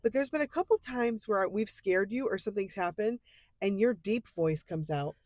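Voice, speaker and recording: A woman's voice: mid-range voice, moderate pace, very noisy. A woman co-hosting a podcast in casual chat, joking and teasing with frequent laughter. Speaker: podcast co-host. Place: podcast studio.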